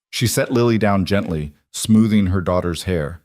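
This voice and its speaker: Low-voiced male story narrator. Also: big pitch swings, moderate pace, a little mellow, no echo, studio quality.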